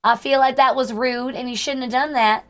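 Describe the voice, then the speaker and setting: A woman's voice: high-pitched, fairly even intonation, normal speed, fairly bright tone. A young woman streamer with a sick, strained voice, chatting in a rambling way and greeting her viewers by name. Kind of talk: casual live-stream chat with viewers.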